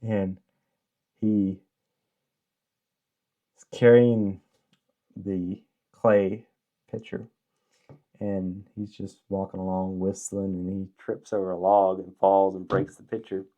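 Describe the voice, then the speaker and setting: A man's voice: low voice, little pitch movement, slow pace, pauses often, warm tone, muffled recording. A man in casual podcast chat, telling a rambling story with lots of ums and chuckles.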